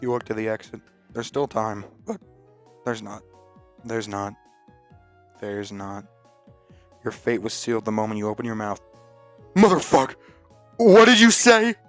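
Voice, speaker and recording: Man doing deadpan mock-dramatic readings. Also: on the low side, normal speed, pauses often, faint music behind. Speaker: host. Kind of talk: comedic dramatic reading of posts.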